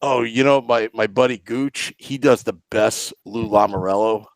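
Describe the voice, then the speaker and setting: Creaky-voiced man hosting a podcast. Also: lowish voice, normal speed, dry recording. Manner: rambling, laughs while telling stories. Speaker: podcast host and producer. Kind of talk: casual chat. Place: home podcast setup.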